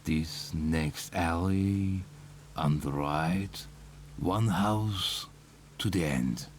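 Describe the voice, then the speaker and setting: Guy playing a creepy old man by a fire, really deep and slow, sinister game npc. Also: slight background noise. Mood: grim. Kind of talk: video game dialogue.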